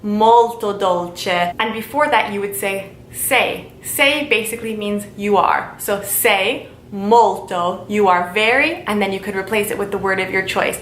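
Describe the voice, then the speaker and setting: Woman teaching a language lesson: slow, patient repetition, roomy echo, faint rumble behind. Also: fairly bright tone. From Italian heritage. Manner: slow, repeats words for learners.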